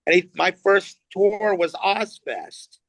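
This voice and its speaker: This is a middle-aged man from Los Angeles, USA, appearing as a guest musician in an informal interview. He speaks slowly in a high voice, spinning animated stories, acting out what people said and swearing freely. The recording is dry.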